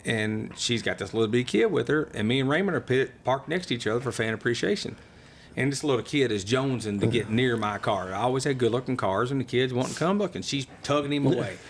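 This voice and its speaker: A man's voice: mid-range voice, fast, slight background noise. Male racer telling stories animatedly. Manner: animated storyteller, acts out others' lines. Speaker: guest, retired race car champion. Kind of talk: casual storytelling interview.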